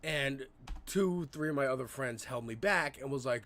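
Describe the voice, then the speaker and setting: A man in his thirties hosts a casual livestream, wandering through long personal stories. He swears freely and fills his speech with "uh," "like" and false starts, in a voice of ordinary middle pitch. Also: moderate pace, a bit bright. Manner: rambling, profane storytelling with frequent fillers. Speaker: live streamer.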